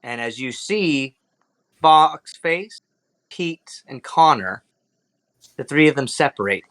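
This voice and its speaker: A man's voice: medium pitch, animated, slow, fairly bright tone, no room sound. Young man, game master, casual loose narration, dry close sound. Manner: casual, loose, many fillers.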